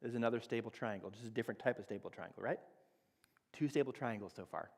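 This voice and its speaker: A man's voice: medium pitch, fast, vocal fry, slightly rough. A man in his thirties giving a conversational sermon, teaching with everyday examples and acting out bits of dialogue. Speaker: church speaker. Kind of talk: sermon on relationships. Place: church sanctuary. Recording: long reverb of a church hall.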